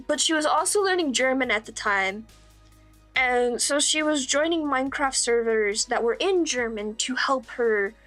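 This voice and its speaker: A high-pitched young woman chats on a live stream while she draws. She talks in a loose, rambling way, pokes fun at herself and breaks into laughter often. Faint music plays behind her. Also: a bit bright. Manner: chatty and rambling, laughs often, self-deprecating. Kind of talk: casual chat while drawing on stream.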